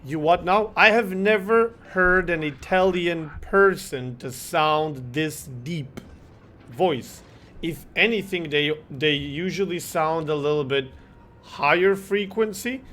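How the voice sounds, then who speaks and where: A man from Croatia chatting casually while streaming a game, animated and joking, swearing and laughing often. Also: fairly high pitch, slow pace. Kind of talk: casual gameplay chat with chat replies.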